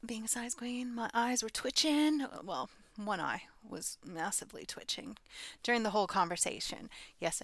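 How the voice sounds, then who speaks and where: A woman's voice: high-pitched, fairly bright tone, no echo. A woman telling a story in a casual, blunt and frank way, breaking into laughing asides.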